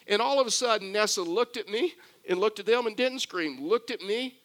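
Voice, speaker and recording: An older man preaching a sermon, mixing scripture with a lively family story and conversational asides. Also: high voice, normal speed. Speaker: pastor.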